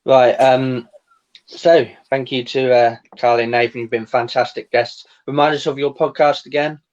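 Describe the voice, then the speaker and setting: A man's voice: medium pitch, level tone, normal speed, a little mellow, highs cut off. A man hosting a live podcast over a video call, upbeat and full of ums. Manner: upbeat, thanks guests, lots of ums. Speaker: podcast host. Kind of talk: casual live-stream chat.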